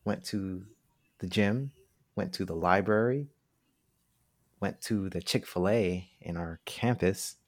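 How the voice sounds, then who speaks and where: A man's voice: low voice, takes it slowly, pauses often, no room sound. A young man, a guest on a podcast, telling stories in a laid-back casual chat and laughing easily.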